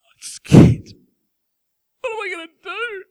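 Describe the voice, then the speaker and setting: A preacher mocking up a frightened God who gasps and frets in a squeaky, breathy squeal. The voice jumps far above the speaker's normal range and sounds flustered and helpless, played for laughs within a sermon. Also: male voice, slow pace, warm tone, no echo, studio quality. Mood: panicked. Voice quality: breathy, gasping. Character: panicking frightened God, fretful and high-strung.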